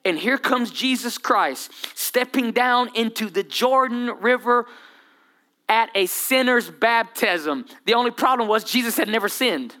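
Male pastor, bright forceful tone, playful energetic sermon delivery. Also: very high voice, measured pace. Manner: lively preaching with humor and dramatic voice drops.

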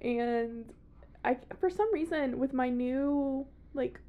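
A young woman with a high voice hosts a podcast from a podcast room. She chats loosely, with plenty of fillers and the odd swear word, keeping things casual. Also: slow pace, phone-quality sound. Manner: chatty, swears, many fillers. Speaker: podcast host. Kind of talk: casual chat.

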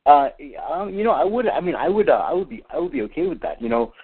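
A man's voice: fairly high pitch, very animated, quick pace, breathy edge. A man calling in to a radio talk show, speaking hesitantly with many fillers and restarts, heard over a tinny phone line. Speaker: caller. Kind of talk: call-in radio chat.

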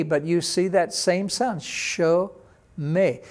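Higher-voiced male pastor teaching. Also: animated, measured pace, a little mellow. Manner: explanatory, teaching Hebrew pronunciation. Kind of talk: sermon.

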